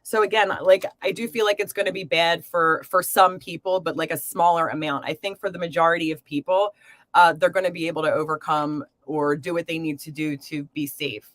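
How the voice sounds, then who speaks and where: A woman hosts a live tarot reading stream, chatting casually with viewers, warm toward them, and full of fillers and pet names. Her low voice has a steady tone and a fairly quick pace, recorded dry.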